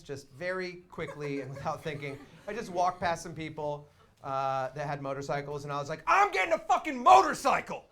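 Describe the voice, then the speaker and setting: A young man doing live stand-up storytelling on a theater stage, dropping to quiet asides and then breaking into shouted, laughing excitement. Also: fairly high pitch. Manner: laughs while talking. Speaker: stand-up comedian.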